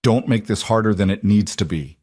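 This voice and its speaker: A man's voice: fairly low pitch, fairly quick, darkish tone, dry recording, clean studio sound, close to an everyday voice. A man voicing a stern, uneasy frontier sheriff with firm delivery.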